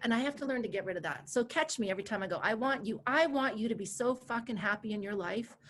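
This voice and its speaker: A woman in her forties teaching a live online coaching class over a video call, chatty and animated, laughing easily and repeating herself. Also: fairly high pitch, fast talker, few pauses, a little hiss or hum. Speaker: coach and course instructor.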